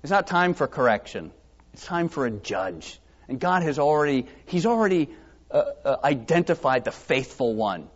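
A man's voice: mid-range voice, sing-song, moderate pace. A man preaching a sermon in a conversational, self-deprecating way, acting out the quotes he reads. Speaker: pastor. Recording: dull lo-fi sound.

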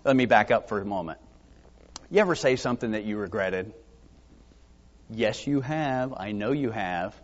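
A man's voice: lowish voice, expressive, normal speed, long pauses. A man preaching a sermon in a conversational, self-deprecating way, acting out the quotes he reads. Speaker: pastor. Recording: dull lo-fi sound.

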